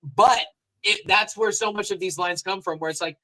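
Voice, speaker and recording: Reflective man with a bright voice. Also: sits high, moderate pace, poor audio. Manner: reflective, rambling with many fillers. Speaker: recording artist. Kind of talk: casual chat.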